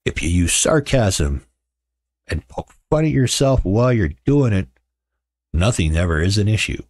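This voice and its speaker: A man's voice: fairly low pitch, very animated, normal speed, darkish tone, no echo. A middle-aged man hosting a casual livestream, chatting with viewers in a sarcastic, joking way and telling stories. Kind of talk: casual chat.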